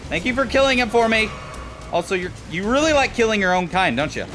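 A man giving jokey, excitable commentary while playing a game, swearing and talking to enemies. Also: sits high, fairly quick, over music. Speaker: gameplay commentator. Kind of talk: casual let's-play commentary.

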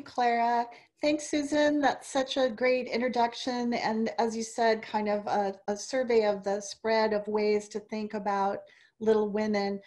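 A woman with a mid-range voice speaks as a panelist at a book club and explains her points in an orderly way. She often pauses with "uh" between her ideas. The sound comes through a video call. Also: medium pitch, darkish tone. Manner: explanatory and organized, with "uh" fillers. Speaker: literature panelist. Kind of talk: prepared book club remarks.

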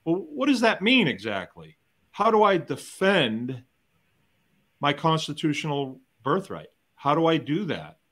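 A middle-aged American man, a farmer and educator, speaks emphatically and conversationally in a round-table discussion, using rhetorical questions and often repeating words and restarting. His voice is on the high side with big pitch swings and a fairly bright tone. He talks a little slowly.

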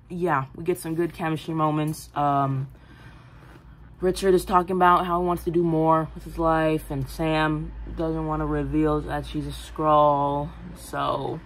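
A woman casually pitching a film idea, rambling with many fillers and giggly asides. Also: slight background noise, rough recording. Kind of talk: casual movie-pitch chat.

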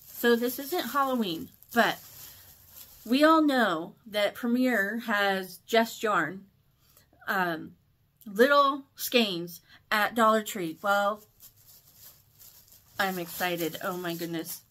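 Bright, excitable woman vlogger. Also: medium pitch, slow, long pauses. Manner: chatty, excitable storytelling. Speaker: haul vlogger. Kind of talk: casual chat.

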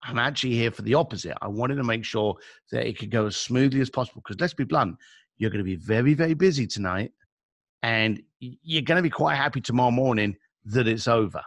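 A man's voice: mid-range voice, fairly quick, no echo, clean studio sound. A middle-aged man with a London accent, telling a story as a podcast guest and acting out the dialogue. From England.

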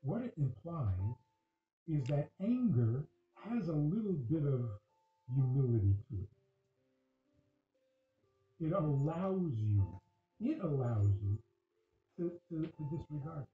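Male religious teacher, questioning, animated delivery; echoey, phone-like audio. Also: on the high side, slow pace, pauses often, faint music behind. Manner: questioning, acts out dialogue, laughs often. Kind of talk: Torah class talk. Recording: echoey tinny phone-like recording.

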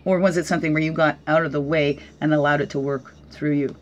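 A woman's voice: deep voice, fairly even intonation, quick pace, lo-fi sound, slight background noise. A woman at home, talking through a weekly oracle card reading in a casual, musing way. She keeps asking questions and checking in with "right?", and she teases herself lightly along the way. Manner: reflective, asks many questions, often adds "right?"; gently joking, laughs at herself.

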